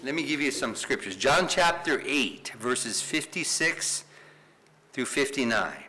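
A man's voice: mid-range voice, animated, a little slow, sharp tone, slight background noise, low-quality recording. A man teaching a Bible study in sermon style, emphatic, asking rhetorical questions and tagging points with "right?".

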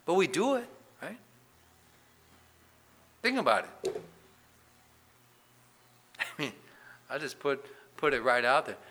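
A man preaching a sermon as pastor, asking the congregation questions and reading Scripture aloud with rising force. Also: medium pitch. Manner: emphatic preaching, rising loud on questions and Bible quotes.

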